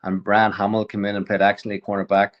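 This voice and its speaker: A man, a podcast guest telling a lively story, often chuckling and restarting sentences. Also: fairly low pitch, fast talker, muffled recording. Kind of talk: casual storytelling.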